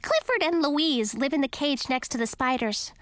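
A woman doing a chatty bossy bat lady, way up high, voice leaps all over, dry close sound. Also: expressive, normal speed, fairly bright tone, no echo. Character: bossy talkative female bat.

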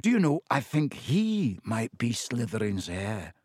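A man's voice: medium pitch, huge pitch swings, a little slow, darkish tone, slightly rough, no room sound, studio quality, full character voice. A man voicing an earnest, formal teenage schoolboy in an audiobook. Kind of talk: audiobook reading.

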